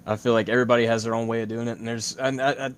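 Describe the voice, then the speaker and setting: A man who is a guest musician on a podcast, talking in an easygoing, reflective way and trailing off softly. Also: medium pitch, little pitch movement, very fast, slight background noise. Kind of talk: casual podcast interview.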